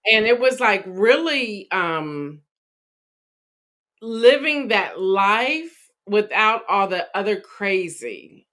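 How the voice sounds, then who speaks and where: A woman in an interview, reflectively talking about her faith with frequent pauses and ums. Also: mid-range voice, expressive, a bit bright. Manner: reflective, hesitant with many ums. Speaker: interview guest. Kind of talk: casual faith testimony interview.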